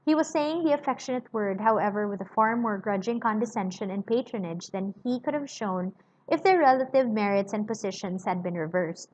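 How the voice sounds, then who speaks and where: A woman reads a classic novel aloud at a steady, plain pace, now and then slipping in casual asides. Her voice sits mid-range, and the recording sounds a little dull and muffled. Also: medium pitch, slight background noise. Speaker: reader.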